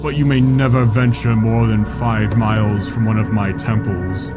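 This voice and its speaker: A man voicing a booming lion god from a children's stage play, speaking in slow, deep, grave pronouncements. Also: steady tone, over loud music, close to an everyday voice. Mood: menacing.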